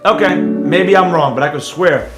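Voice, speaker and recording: A blunt, brash man runs a trading livestream and reads out the viewers' chat as he goes. His voice sits high for a man. The sound comes from an echoey, roomy space. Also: normal speed, over music. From New York.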